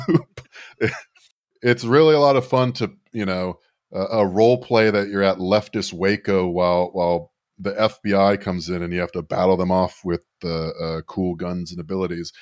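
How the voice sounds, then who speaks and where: A low-pitched man talks through the news on a podcast, sardonic and rambling, tripping over his own restarts. The sound is dry and close, with no room around it. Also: steady tone, normal speed, no echo. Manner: sardonic, rambling, frequent self-corrections. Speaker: podcast co-host. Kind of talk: casual political podcast banter.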